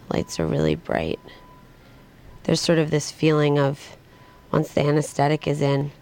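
A young woman recording an audio diary in her hospital room, speaking quietly and reflectively. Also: extremely low pitch, gravelly, a little hiss or hum. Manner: quiet, reflective, plain-spoken. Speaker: patient.

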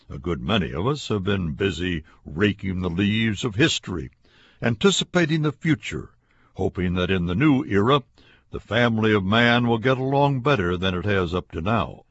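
A man narrating a scripted radio meditation in a measured, deliberate, stately way. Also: lowish voice, slightly rough, dry recording. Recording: dull lo-fi radio broadcast.

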